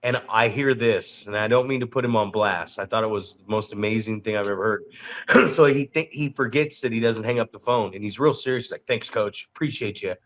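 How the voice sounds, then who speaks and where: A man co-hosting a podcast and coaching wrestlers, telling stories in an animated way, repeating words and swearing freely. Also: on the low side, a little fast. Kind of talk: casual podcast chat.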